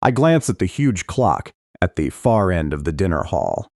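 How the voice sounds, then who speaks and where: Deep-voiced man narrating a thriller audiobook. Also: sing-song, normal speed, darkish tone, dry recording, clean studio sound. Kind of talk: scripted first-person audiobook narration.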